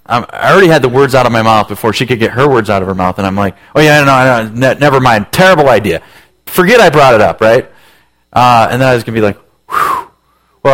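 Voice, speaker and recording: A man's voice: medium pitch, fairly bright tone. A man in his forties, a pastor telling a self-mocking story in a sermon, acting out voices with lots of energy.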